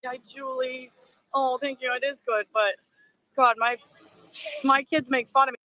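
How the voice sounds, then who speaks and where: A woman's voice: high voice, fairly even intonation, a little slow, sharp tone, lo-fi sound. A middle-aged woman with a Boston accent, hosting a casual livestream outdoors on a phone, chatty and emotional, laughing often and greeting viewers. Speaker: livestream host. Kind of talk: casual live commentary. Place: outdoors among a crowd. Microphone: phone on a selfie stick.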